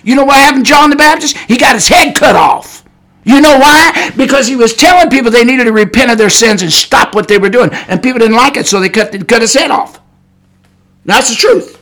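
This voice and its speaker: High, bright-voiced fiery male preacher. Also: brisk. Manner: emphatic preaching with rhetorical questions and sudden shouts; folksy, blunt wording. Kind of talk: podcast sermon.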